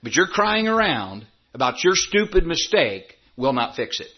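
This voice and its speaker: A man's voice: on the high side, big pitch swings, normal speed, husky, muffled recording. A middle-aged man preaching a sermon, emphatic, repeating phrases and stretching key words for effect. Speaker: pastor.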